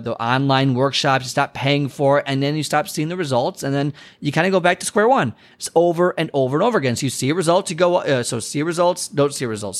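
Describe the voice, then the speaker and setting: A young adult man hosting a solo motivational podcast, talking casually and conversationally. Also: mid-range voice. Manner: casual, conversational, acts out little dialogues. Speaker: podcast host.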